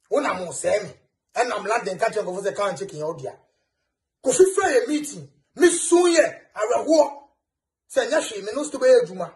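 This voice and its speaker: A Ghanaian man ranting in a taunting way, mixing English, pidgin and Twi. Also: high-pitched. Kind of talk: ranting video message.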